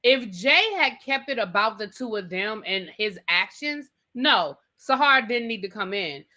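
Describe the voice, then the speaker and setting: Bright-voiced, opinionated woman co-host. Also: mid-range voice, animated, a little slow. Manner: opinionated, emphatic, addresses people directly. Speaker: podcast co-host. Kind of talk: casual recap chat.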